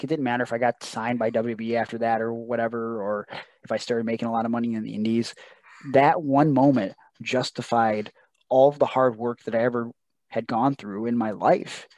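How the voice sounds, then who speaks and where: Man, earnest storyteller, mid-pitched voice, dry close sound, podcast guest. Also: steady tone, a little fast, a little mellow, no room sound. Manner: emotional, earnest storytelling with quoted dialogue. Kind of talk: casual storytelling interview.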